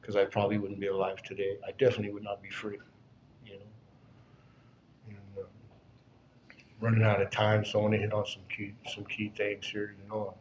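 A man's voice: fairly low pitch, monotone, a little fast, pauses often, slight background noise, poor audio. A man in his fifties giving an earnest personal testimony at a recovery gathering, rambling through his story and checking in with "you know?" again and again.

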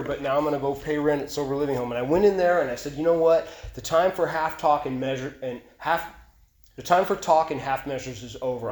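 A man's voice: medium pitch, a little mellow. An earnest man shares his personal testimony at a recovery meeting, his voice carrying through an echoey meeting room. He speaks in a mid-range voice, and he often circles back and restarts his phrases as he talks.

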